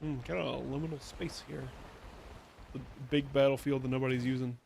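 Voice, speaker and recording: A man's voice: mid-range voice, steady tone, moderate pace, gravelly, darkish tone, slight background noise. A man giving casual gameplay commentary on his stream, rambling and playful, often restarting his sentences. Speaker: VTuber streamer.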